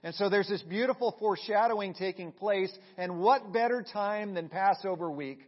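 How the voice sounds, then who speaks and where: A male pastor preaching a sermon, asking the congregation questions and swinging between hushed and loud delivery. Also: sits high, normal speed, dull audio. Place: church sanctuary.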